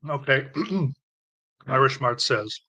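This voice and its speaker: Bright-voiced Canadian man lecturing. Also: mid-range voice, animated, slow. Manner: rambling and explanatory, with many fillers and restarts. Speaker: live-stream host. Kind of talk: unscripted lecture on a live stream.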